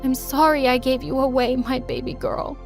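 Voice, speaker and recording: A woman's voice: sits high, steady tone, normal speed, faint music behind. A woman voicing a tearful apologetic mother. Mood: pleading. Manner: pleading, emotional delivery. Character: remorseful middle-aged mother, tearful and apologetic.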